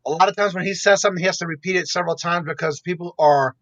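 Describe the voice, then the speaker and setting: A man hosts a relaxed live-stream chat and wanders from one thought to the next, restarting his sentences as he goes. His voice sits a little high. The sound is dry, with no room around it, and it comes through muffled and lo-fi. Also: racing, no room sound. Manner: rambling, chatty, with restarts. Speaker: show host.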